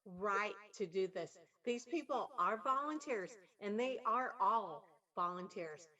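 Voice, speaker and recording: A woman's voice: mid-range voice, lively intonation, measured pace, bright, forceful tone, recorded from a distance. A woman organizer earnestly praising volunteers during a video-call town hall. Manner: earnest, appreciative. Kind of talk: casual video-call chat.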